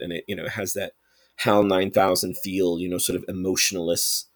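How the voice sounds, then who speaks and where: A man's voice: low voice, breathy edge, dry recording. A man casually reviewing an old sci-fi episode as a channel host, rambling with lots of fillers and restarts while enthusiastically recommending it.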